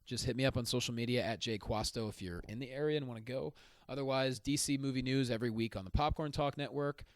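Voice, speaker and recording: Animated male comedian guest. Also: mid-range voice, fast talker, no echo. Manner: animated storyteller. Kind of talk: casual movie podcast chat.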